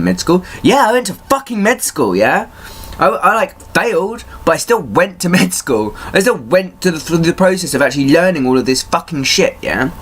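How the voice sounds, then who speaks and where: A man's voice: fairly high pitch, fairly bright tone, slightly rough. A man in pain venting in a personal vlog, angry and swearing, his rants rising in heat. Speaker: vlogger.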